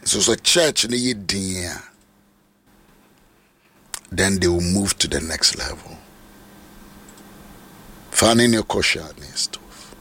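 Gravelly Ghanaian man preaching. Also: slow pace, long pauses, slight background noise. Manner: mixes Twi and English, swings from low to shouted high pitch. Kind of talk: sermon.

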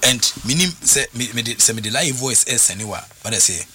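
A man's voice: mid-range voice, fast talker, sharp tone, slight background noise. A man talking football as a pundit, emphatic and full of restarts and repeated words. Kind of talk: animated radio sports talk.

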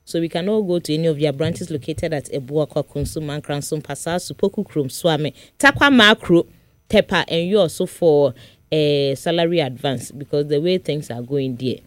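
A woman radio host with a Ghanaian English accent, joking with her co-host and reading sponsor messages in a lively, teasing way. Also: low voice, dry recording. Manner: teasing, jokey, reads numbers and ads briskly. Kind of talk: playful radio chat and sponsor reads. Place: radio studio.

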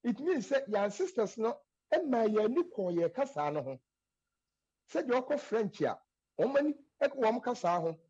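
A man's voice: very high-pitched, very animated, normal speed, dark tone, slightly rough. A man from Ghana with a Ghanaian accent, explaining culture in an earnest, emphatic way that slips often into English. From Ghana, Asante. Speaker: guest speaking on Asante culture. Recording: dull lo-fi sound.

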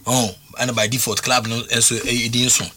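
A man's voice: mid-range voice, little pitch movement, normal speed, noisy background. A man with a Ghanaian accent talking football on a radio sports show, emphatic and repetitive as he drives his points home. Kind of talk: sports talk radio discussion.

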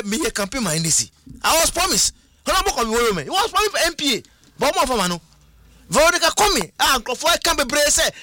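Ghanaian man, talk show guest, bright forceful voice, dry close sound. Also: sits high, no echo. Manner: animated, switches between Twi and English. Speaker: studio guest. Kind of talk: radio talk show discussion.

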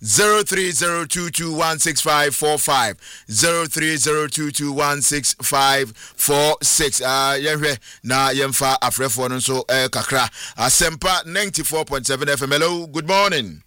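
A man with a Ghanaian accent hosting a call-in sports radio show, greeting callers briskly. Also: a little high, bright, forceful tone, no echo, clean studio sound.

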